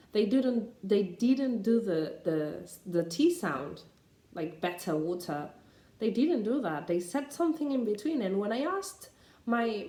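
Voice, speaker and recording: A woman teaching English pronunciation, talking slowly and deliberately with frequent hesitations. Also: medium pitch, darkish tone, roomy sound. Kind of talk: pronunciation lesson to camera.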